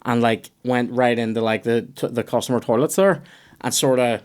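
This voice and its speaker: A young man, hosting a comedy podcast and telling a story in a profane, animated way. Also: medium pitch, normal speed, smooth. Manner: profane, animated, puts on voices in quoted dialogue.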